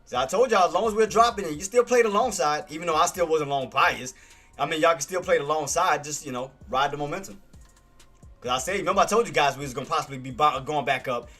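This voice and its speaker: Male trading streamer, casual recap, bright and forceful, light music bed. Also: on the high side, quick pace. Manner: excited, repetitive shout-outs to viewers.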